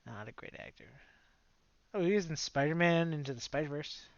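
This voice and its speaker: A man's voice: on the high side, animated, a little fast, no room sound, muffled recording. A man co-hosting a podcast in casual chat, blunt and opinionated, swearing freely and laughing often. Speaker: podcast co-host.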